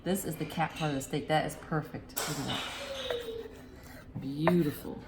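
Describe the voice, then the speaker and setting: A woman's voice: sits low, steady tone, moderate pace, heavy background noise. A woman hosting a casual cooking vlog, chatting to her viewers as she plates and tastes food. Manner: chatty, addresses viewers as guys. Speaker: cooking vlogger.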